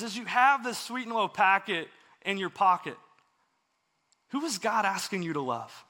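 A man's voice: high-pitched, pushed and bright. A man preaching a sermon, telling a story in an earnest, conversational way.

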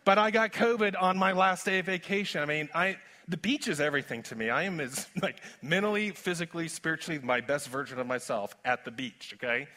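A male pastor preaching a sermon in an animated, conversational way, mixing in self-deprecating humor. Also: on the high side, brisk, hardly any pauses.

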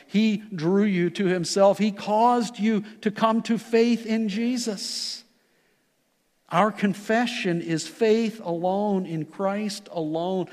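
High-voiced preaching man in a reverberant hall. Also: a little mellow. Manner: earnest, emphatic preaching with rising and falling delivery. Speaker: pastor. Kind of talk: sermon.

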